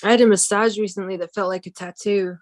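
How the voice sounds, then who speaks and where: A woman's voice: medium pitch, steady tone, fast talker, dry recording. Easygoing woman, dry close sound. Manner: easygoing storyteller, acts out quoted lines. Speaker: podcast host. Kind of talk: casual chat.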